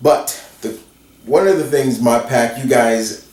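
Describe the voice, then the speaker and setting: A man talks in an unhurried, rambling way as he answers viewer questions for his vlog, addressing his audience directly. His voice sits at an ordinary pitch. It's recorded a little way off the mic, in a room that gives a clear echo. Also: a little mellow. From New York area. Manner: rambling and conversational, talking straight to viewers. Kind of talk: casual Q&A vlog. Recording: roomy echo, distant from the mic.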